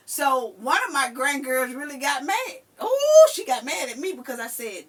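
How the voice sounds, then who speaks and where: An older woman hosting a casual chat, telling stories in an animated way and acting out what people said. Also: high voice, normal speed, far from the mic. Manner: animated storyteller who acts out quotes. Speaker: podcast host.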